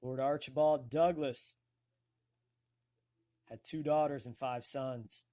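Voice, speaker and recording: A man hosting a casual online talk show, slowly thinking aloud as he looks things up on a computer. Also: medium pitch, fairly even intonation, dark tone. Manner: slow, thinking aloud while searching. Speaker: host.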